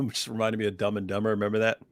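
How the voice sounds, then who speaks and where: A man's voice: on the low side, little pitch movement, quick pace, dry recording, studio quality. A man co-hosting a live stream in casual banter, joking and breaking into bits of song and laughter.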